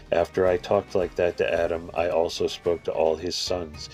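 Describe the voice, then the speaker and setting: A man with a very low, flat voice recites an ancient religious text in a steady, measured way. Faint guitar plays softly behind him as he reads on. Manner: steady, measured recitation with occasional filler slips. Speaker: scripture reader. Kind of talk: reading a religious text aloud.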